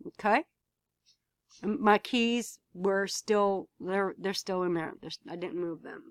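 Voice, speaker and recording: A woman's voice: medium pitch, measured pace, dry recording. A woman talking casually to camera at home, telling a story bluntly, swearing freely and repeating herself when she gets worked up. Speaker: vlogger.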